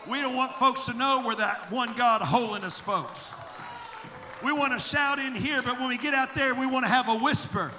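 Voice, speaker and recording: A pastor preaching a fiery sermon to his congregation, dropping to quiet asides and then building into shouted calls. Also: extremely high pitch, normal speed, a faint crowd. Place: church sanctuary with congregation. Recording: echoey church hall with congregation noise.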